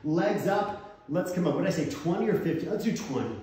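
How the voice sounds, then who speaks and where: A man's voice: sits high, expressive, a little fast, a little mellow. A man leading a home workout as a fitness coach, counting out reps and encouraging the listener. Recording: very echoey room, mic far off.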